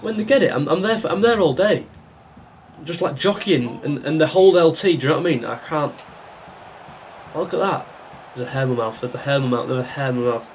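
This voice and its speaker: A man's voice: on the high side, expressive, a little fast. A man giving live commentary over his own football video game match, reacting and complaining as he plays. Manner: reactive, exasperated, talks to the game. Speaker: gaming YouTuber.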